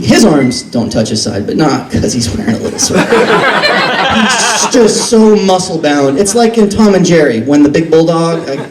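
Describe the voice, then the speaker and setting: A man with a somewhat high voice tells a self-mocking story at a live reading, animated and swearing freely. The sound is roomy and echoey, picked up from a distance. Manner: animated, self-deprecating, profane. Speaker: author reading from his book. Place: record store reading event. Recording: roomy echo, distant mic.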